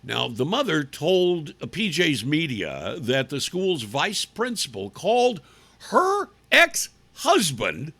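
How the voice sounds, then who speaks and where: A man's voice: on the high side, huge pitch swings, takes it slowly, pushed and bright. A male radio talk show host giving sarcastic, indignant commentary with emphatic delivery.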